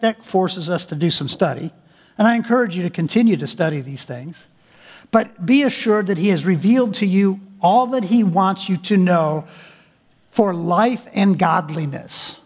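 A male pastor with a high-pitched voice preaches a sermon earnestly and emphatically. He stretches key words slowly and often restarts his phrases.

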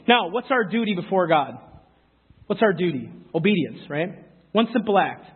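A man preaching a sermon, animated and talking straight to the congregation with quick asides. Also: sits high, slightly rough. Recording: phone-like sound with long hall reverb.

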